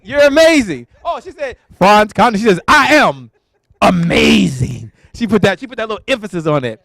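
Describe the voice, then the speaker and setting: A man's voice: sits high, sing-song, fast talker. A man hosting a live motivational event on stage, hyping the crowd with repeated call-outs. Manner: hyped, repetitive, call-and-response. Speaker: event emcee. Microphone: handheld stage mic.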